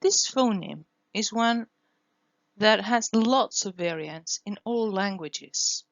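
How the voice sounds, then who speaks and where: A woman's voice: medium pitch, lively intonation, slow, dry recording, muffled recording. A woman whose first language is Spanish, teaching English phonetics in a careful lesson, repeating each sound to demonstrate it. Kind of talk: scripted lesson.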